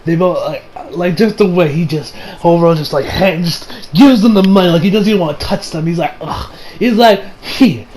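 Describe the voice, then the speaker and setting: A male anime reviewer talking through an episode in a loose, rambling way, laughing often and swearing freely. His voice sits fairly high for a man, and he piles on fillers and restarts. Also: fairly quick, few pauses, a little mellow, slight background noise. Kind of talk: casual episode recap.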